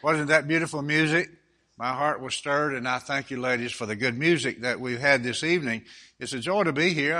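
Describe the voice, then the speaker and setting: A man's voice: medium pitch, sharp tone. An older man with a Southern accent from Alabama, a guest preacher telling folksy jokes and reading Scripture in a sermon. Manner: folksy humorous storytelling, then reading Scripture with rising force.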